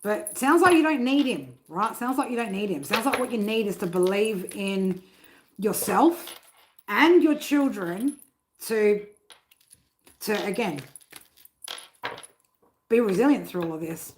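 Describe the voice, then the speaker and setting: A woman's voice: mid-range voice, expressive, unhurried, pauses often, noisy background. Blunt, foul-mouthed woman chatting live. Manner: blunt and heavily profane, keeps asking "right?". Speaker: tarot reader hosting a live stream. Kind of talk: casual live-stream chat.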